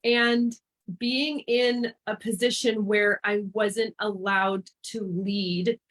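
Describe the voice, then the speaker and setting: A woman's voice: medium pitch, flat delivery, slow pace, fairly bright tone. A woman in her thirties from Canada, a life and business mentor speaking as a guest in a podcast interview, earnest and heartfelt.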